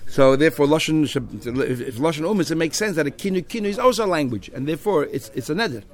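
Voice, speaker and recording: A man's voice: on the high side, animated, fast. Man teaching a Talmud class. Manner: explains in a Yeshivish mix of Hebrew and Aramaic terms with English, with many restarts.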